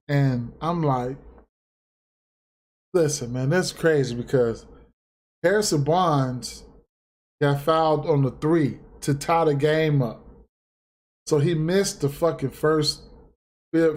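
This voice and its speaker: A man's voice: fairly high pitch, a little mellow. A man ranting casually and profanely on a livestream about sports bets, repeating himself and getting heated. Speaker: sports betting streamer.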